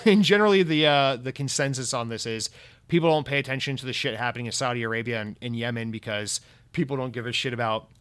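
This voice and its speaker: A man's voice: mid-range voice, a bit bright. A young man from the United States hosting a podcast, ranting in a heated, sarcastic and profane way. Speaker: podcast host. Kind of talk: opinionated podcast rant.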